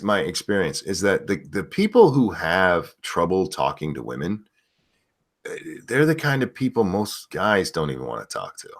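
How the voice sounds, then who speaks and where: A man hosting a casual chat show, rambling through crude jokes and reading out donations. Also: low voice. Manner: loose rambling crude humor, animated. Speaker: show host.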